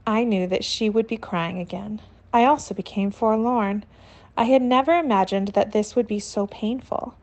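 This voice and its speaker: A woman reads a novel aloud in a calm, steady audiobook manner. Her voice sits at a middling pitch and stays even from line to line. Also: normal speed. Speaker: narrator.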